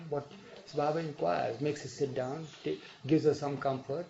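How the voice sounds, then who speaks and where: A man's voice: fairly high pitch, steady tone, moderate pace, gravelly, warm tone, a little hiss or hum. An older man tells a personal story to an audience in a conversational way, often adding "you see" and "mind you.". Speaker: speaker recounting memories to a hall audience. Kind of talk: informal storytelling talk. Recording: dull lo-fi 1985 tape recording.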